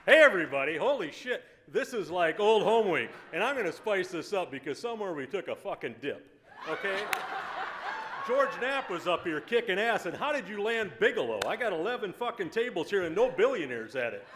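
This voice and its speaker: High lively guy at a podium, brash and cussing, joking around, crowd chatter and noise all over. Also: a little fast. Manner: loud, joking, swearing freely. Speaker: company CEO accepting an award. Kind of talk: brash, profane acceptance speech. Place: banquet hall at an awards dinner. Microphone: podium microphone. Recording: live hall recording with crowd and noise.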